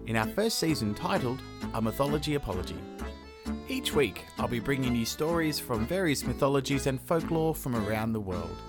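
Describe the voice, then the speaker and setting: A male podcast host casually retelling an old legend on his own, chatty and irreverent, with plenty of filler "uh"s. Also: mid-range voice. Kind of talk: casual solo storytelling.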